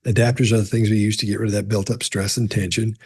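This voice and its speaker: A man's voice: lowish voice, little pitch movement, quick pace, a little mellow, husky, dry recording. A middle-aged man with a conversational style, answering questions about body language and telling stories with frequent restarts. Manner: conversational, storytelling, frequent restarts and "you know". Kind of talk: casual explanatory talk to camera.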